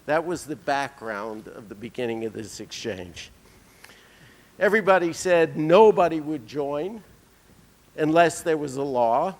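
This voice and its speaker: A man delivering a conference keynote, telling anecdotes with dry humor. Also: fairly high pitch. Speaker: keynote speaker. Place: conference hall. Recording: reverberant lecture hall.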